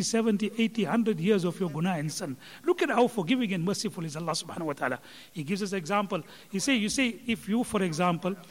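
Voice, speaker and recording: Male preacher, high-pitched, emphatic repetition, hall reverb. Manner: emphatic, repetitive counting for effect. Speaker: Islamic speaker. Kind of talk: sermon retelling a scholar's talk.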